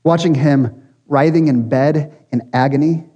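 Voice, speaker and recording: A mellow male voice on the high side, measured in pace, preaches to a congregation in an earnest, chatty way. The audio sounds dull, and the church hall adds long reverb.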